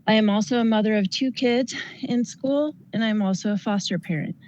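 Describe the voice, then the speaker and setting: A woman nurse speaks in an earnest, pleading tone, delivering a prepared public comment to a county board. Her voice sits at an ordinary middle pitch, with a faint hiss of noise underneath. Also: a little fast, darkish tone, dull audio. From Colorado.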